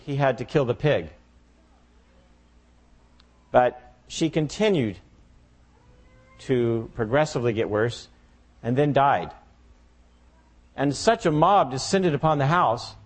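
A man preaching a sermon, telling a farmyard story expressively before turning to scripture. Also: medium pitch. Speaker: pastor.

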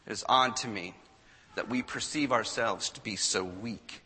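A man preaching a sermon, retelling an old account with a dramatic delivery that swings from hushed to loud. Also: fairly low pitch, moderate pace, long reverb tail, a little hiss or hum.

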